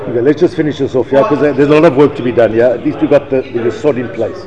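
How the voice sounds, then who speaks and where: A man teaching a Torah class to an audience, reading Hebrew passages and translating them, acting out the dialogue in animated bursts. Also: medium pitch, racing, long reverb tail, dull audio, crowd noise. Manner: animated, reads Hebrew text then translates, acts out dialogue. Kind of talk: Torah lecture.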